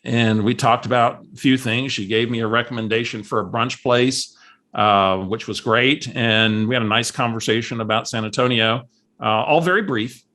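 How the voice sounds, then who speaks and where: Telling an animated story during a coaching call, this male real estate coach gives voice to each person in it. He speaks at medium pitch and a normal pace.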